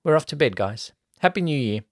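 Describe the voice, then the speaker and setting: A man voicing a young woman at a party, in a high, bright put-on voice. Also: lively intonation, fairly quick, dry recording, clean studio sound. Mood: excited.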